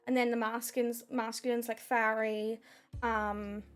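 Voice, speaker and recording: A woman's voice: a little high, flat delivery, a little slow, faint music behind. A woman, chatting casually on a live stream while reading oracle cards, giggly and swearing, with a sore throat.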